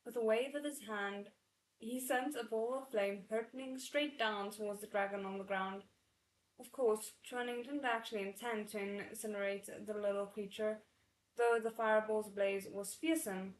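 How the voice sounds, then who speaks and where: Excitable woman reading a novel aloud. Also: mid-range voice, normal speed, roomy sound, low-quality recording. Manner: excitable, breaks off to react and comment. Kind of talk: readalong narration with chatty asides.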